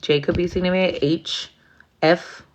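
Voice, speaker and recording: A woman's voice: fairly low pitch, steady tone, normal speed. A woman giving a casual tarot reading, blunt and profane, acting out rowdy asides. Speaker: tarot reader.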